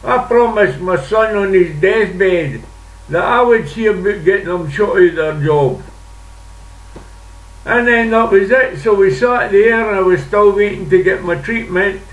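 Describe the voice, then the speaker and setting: In this vlog, a slow, unhurried older Scotsman with a fairly high voice wanders chattily through a story, using dialect words along the way. The mic sits a little far off, so the room's echo comes through.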